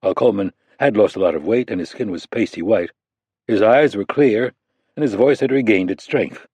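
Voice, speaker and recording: A man reading a thriller audiobook aloud in a measured, steady narration. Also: fairly low pitch, breathy edge, no echo. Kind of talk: scripted narration.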